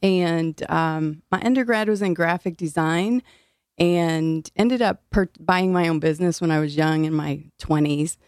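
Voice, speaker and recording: An older Illinois woman who directs food policy for a city speaks as an interview guest, her deep, slightly mellow voice unhurried. She's earnest, laughs easily, leans on frequent fillers, and sounds a little out of breath. The studio-quality recording has no room sound.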